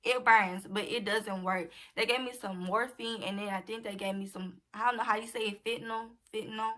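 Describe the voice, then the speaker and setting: Bright-voiced young woman telling a story. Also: mid-range voice, a little fast. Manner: animated, acts out quoted dialogue. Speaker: vlogger telling a personal story. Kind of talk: casual storytime chat.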